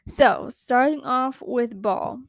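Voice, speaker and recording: A woman's voice: on the high side, slow, no room sound, clean studio sound. A woman hosting a podcast, talking casually about a Bible story, chatty and giggly, with lots of "like" fillers. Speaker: podcast host.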